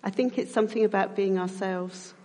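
A middle-aged woman preaching a sermon in a church. She speaks reflectively and slows down to stress key points. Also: mid-range voice, steady tone, dark tone. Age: middle-aged or older. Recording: church hall reverb.

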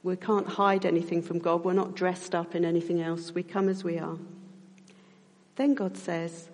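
A middle-aged woman preaching a sermon in a church. She speaks reflectively and slows down to stress key points. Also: lowish voice, fairly even intonation, a little mellow. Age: middle-aged or older. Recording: church hall reverb.

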